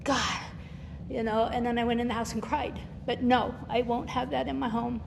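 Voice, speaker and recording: Speaking at a recovery meeting as a guest, an older woman shares an open, emotional account of her life, frequently laughing and acting out others' voices as she quotes them. Her high-ish voice has vocal fry, little pitch movement, and a moderate pace, echoing through a hall with faint noise.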